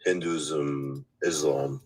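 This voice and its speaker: A man's voice: very deep voice, steady tone, very slow, a little mellow, slightly rough. A man calling in to a live podcast, answering in short, clipped replies. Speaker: caller.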